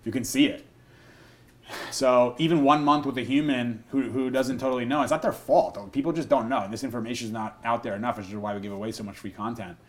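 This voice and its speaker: Demonstrating his work, a young adult dog trainer speaks in a brisk, medium-pitched voice, casual and liberally profane. When settling the dog, he lowers himself to a gentle murmur.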